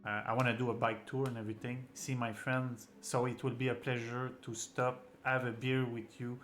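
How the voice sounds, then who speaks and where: A young man speaking as a hosts a casual chat, full of restarts and eager swearing. His voice sits at a medium pitch for a man. Faint music runs underneath. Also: moderate pace. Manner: animated, stumbling, swears a lot. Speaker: host.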